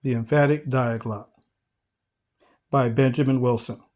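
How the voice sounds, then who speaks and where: A man teaching a Bible study, reading scripture slowly and deliberately and putting rhetorical questions to his listeners, whom he calls family. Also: medium pitch, steady tone, darkish tone.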